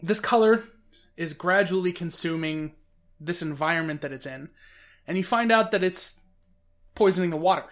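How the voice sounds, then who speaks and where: High-pitched guy chatting about movies, rambly, keeps restarting his sentences. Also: normal speed, pauses often. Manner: rambling, animated, restarts often. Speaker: podcast host reviewing films. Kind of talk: casual chat.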